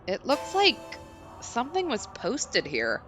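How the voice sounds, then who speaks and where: A chatty woman runs a casual game stream and reads each line of the game's text aloud as she goes. Her voice is bright and ringing, and her pitch swoops widely. Faint game music plays under her. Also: wildly swooping pitch, takes it slowly. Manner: chatty, giggly, reads on-screen text in a storytelling tone. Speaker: let's play host.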